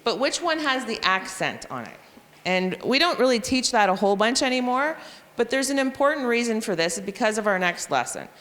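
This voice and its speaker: A woman teacher presenting a reading intervention method to other educators, spelling out letters and sounds slowly and clearly. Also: on the high side, very animated, a bit bright, big-room sound. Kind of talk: professional development presentation. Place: school room or hall.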